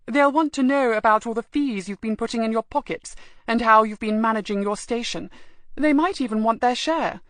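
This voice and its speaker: A woman's voice: fairly high pitch, moderate pace, fairly bright tone, no room sound, pitched above the performer's own voice, lightly acted. A woman voicing a bold young British woman who bluffs officials in a firm, haughty manner.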